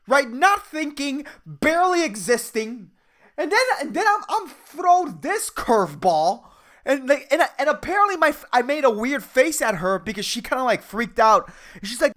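A man's voice: big pitch swings, moderate pace, fairly bright tone. A young man hosting a podcast, delivering a profane, exasperated comedic rant. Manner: exasperated, sweary, swings between low mutters and high outbursts. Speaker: podcast host.

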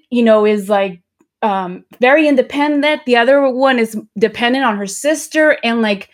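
A woman in her thirties hosting a podcast, excited and rambling, mixing in Spanish words. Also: a little high. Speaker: podcast host. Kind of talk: casual podcast chat.

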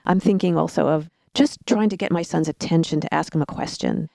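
A woman's voice: sits low, fairly quick, creaky, no room sound. A middle-aged woman telling parenting stories in a casual chat, laughing now and then. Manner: warm storytelling with laughs.

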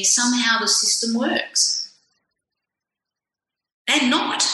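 A woman reflects candidly as an interview guest, animated, swearing freely and questioning herself. Her voice sits a bit high and rings bright. The very echoey room makes it boom. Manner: animated, profane, self-questioning.

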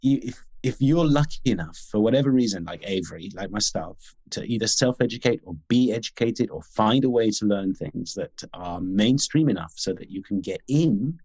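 Low-voiced man, thoughtful guest. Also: animated, a little mellow, no echo. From Sudan and Britain. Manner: articulate, halting with many restarts. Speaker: guest actor. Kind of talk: reflective interview conversation.

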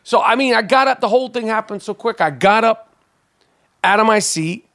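A man's voice: sits high, lively intonation, normal speed, sharp tone. A man hosting a podcast, telling a story casually and animatedly, with plenty of profanity, fillers and restarts. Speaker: podcast host.

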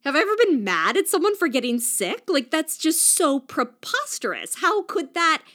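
A woman's voice: high-pitched, big pitch swings, moderate pace, a bit bright. A young adult woman hosting a solo podcast, talking in an earnest, reflective way with many casual "like" fillers. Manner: earnest and reflective, talks with her hands, frequent "like" fillers. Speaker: podcast host.

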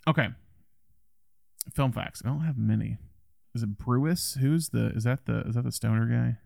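A man's voice: mid-range voice, moderate pace, vocal fry, warm tone, no room sound, clean studio sound. A man co-hosting a film podcast, talking casually and rambling with restarts. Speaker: podcast host.

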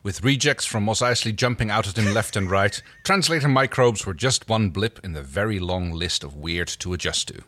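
Bright-voiced man reading a story aloud. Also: fairly low pitch, moderate pace, few pauses. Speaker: podcast co-host. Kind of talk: reading fan fiction aloud with banter.

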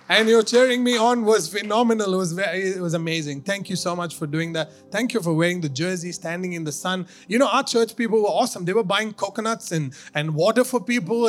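Male pastor preaching, high voice, laughs a lot, lots of uh and restarts, soft music behind. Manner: excited, laughing, halting with fillers and restarts. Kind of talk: sermon. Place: church.

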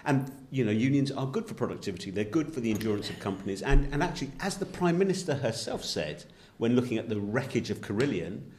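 A man's voice: medium pitch, big pitch swings, fast, few pauses, a little mellow. A man co-hosting a podcast in casual, jokey chat, often restarting his sentences. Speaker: podcast co-host.

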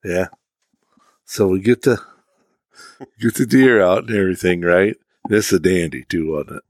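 A man's voice: low-pitched, moderate pace, no echo, studio quality. An American man chatting casually on a podcast, chiming in and laughing along with the story. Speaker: podcast co-host. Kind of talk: casual chat.

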